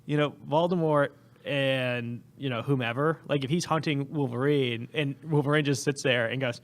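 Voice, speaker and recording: A man's voice: a little high, lively intonation, moderate pace. Rambling, laughing man on a podcast. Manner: rambling, laughing, lots of fillers. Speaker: podcast co-host. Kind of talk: casual comedic chat.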